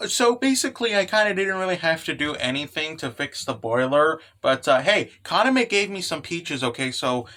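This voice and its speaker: A man's voice: on the high side, lively intonation, moderate pace, hardly any pauses, bright, forceful tone. A man voicing a cheerful, caring young husband in a loose, casual way while recapping a comic. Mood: upbeat.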